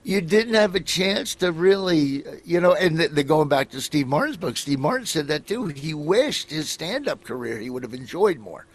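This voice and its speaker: A man's voice: on the high side, very animated, normal speed, few pauses. A middle-aged man from Nebraska, a comedian telling rambling stories in a casual interview, acting out other people as he goes.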